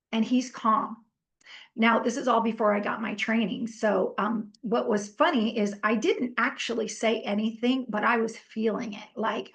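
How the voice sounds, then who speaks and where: Gravelly woman leading a workshop. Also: a little high. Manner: animated storytelling, conversational with fillers; asks the group for comments. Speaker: workshop trainer. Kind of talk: casual workshop teaching.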